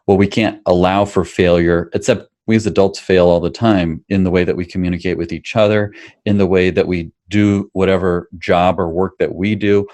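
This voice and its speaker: A man with a very deep voice hosts an interview over a video call. He is warmly affirming and sums up his guest's ideas in a steady way. His voice is dry and close, with no room sound. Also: dry recording. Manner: affirming, recaps the guest's points thoughtfully. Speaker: podcast host, physician. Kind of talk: casual interview conversation.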